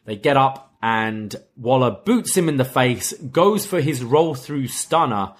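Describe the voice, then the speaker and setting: A man co-hosting a wrestling review podcast, talking at an ordinary mid pitch. He retells events in loose, casual chat. He laughs as he goes and puts on quick voices for the quotes. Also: lively intonation. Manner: laughs while retelling, acts out quoted lines.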